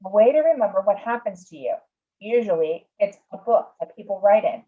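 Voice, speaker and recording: A woman reading aloud as a gentle old great-grandfather in a storybook, in an unhurried storytelling manner over dull video call audio. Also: mid-range voice, expressive, recorded from a distance, lightly acted. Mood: reminiscing.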